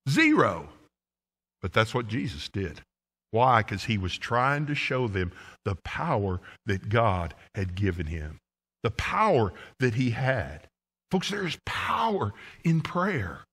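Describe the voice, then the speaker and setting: A man preaching a sermon as pastor, telling folksy stories from his childhood with animated rises and falls. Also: takes it slowly, husky. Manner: folksy storytelling preacher, animated swings in pitch and volume. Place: church sanctuary. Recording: long church reverb.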